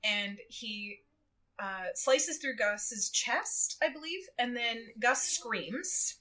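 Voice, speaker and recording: Bright, animated woman telling a story. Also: on the high side, very slow. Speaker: guest co-host. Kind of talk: casual podcast chat recapping a book.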